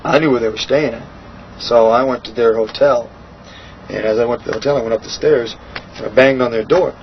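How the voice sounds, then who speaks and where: Middle-aged guest, blunt and profane, acts out quotes with a raised voice, dull lo-fi sound with a faint hiss. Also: male voice, fairly quick. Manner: animated storytelling, acts out quotes with raised pitch. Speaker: interview guest. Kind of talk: shoot interview storytelling.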